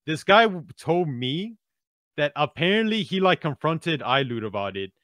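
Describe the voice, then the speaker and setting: A man co-hosting a podcast, telling a story in an animated way and often checking in with "right?". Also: on the high side, normal speed, no echo, clean studio sound. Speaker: podcast co-host. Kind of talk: casual podcast discussion.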